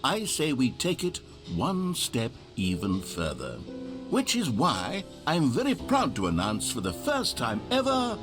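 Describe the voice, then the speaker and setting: A pompous, grandiose game narrator. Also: male voice, on the high side, wildly swooping pitch, unhurried, over music. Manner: grandiose, lofty announcer delivery. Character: pompous, self-satisfied male narrator, grandly scheming.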